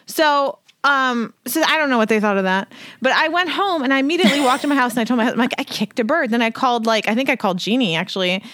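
Animated, swearing woman telling a story. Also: a little high, fast talker, no echo. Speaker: podcast co-host. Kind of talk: casual podcast chat.

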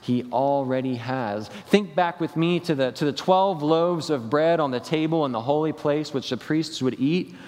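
A man preaching a Sunday sermon as pastor, slowing down and dropping his voice at the ends of key phrases. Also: a little high, a little mellow. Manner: preaching with falling endings and slowed emphatic phrases. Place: church sanctuary. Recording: long reverb of a church hall.

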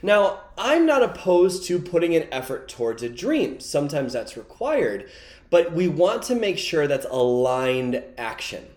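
A man's voice: a little high, sing-song, a little slow, darkish tone, roomy sound. A man teaching a recorded course lesson, energetically telling a story and acting out quoted dialogue. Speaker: online course coach.

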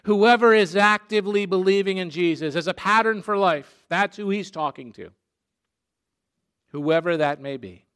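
A man preaching a sermon, slow and emphatic, dropping soft and low on key phrases. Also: clear, resonant tone. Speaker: pastor.

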